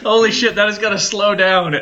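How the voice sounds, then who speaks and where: A man chiming in with quick joking questions during a story reading. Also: high voice, steady tone, bright, forceful tone, muffled recording. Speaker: co-host listener. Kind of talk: casual banter.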